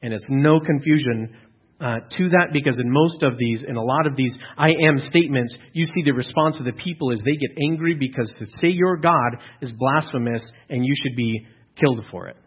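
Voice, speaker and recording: A man with a husky, slightly breathy voice delivers a teaching sermon in an earnest, explanatory way. His phrases often restart, with a few fillers as he works through the point. The recording sounds dull and lo-fi. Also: mid-range voice, moderate pace. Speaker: pastor.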